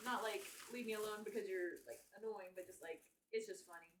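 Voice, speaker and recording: A woman's voice: medium pitch, fairly quick, hardly any pauses, a little hiss or hum. Young woman streamer chatting, swears a lot, laughs a lot, kinda far from the mic in an echoey room. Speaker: livestreamer. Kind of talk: casual live-stream chat.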